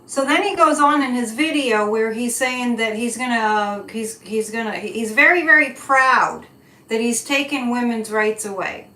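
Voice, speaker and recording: An American woman hosting a psychic livestream reads viewer comments in casual chat, her fairly high voice sharp in tone. She speaks slowly and deliberately, indignant and emphatic, in an echoey room.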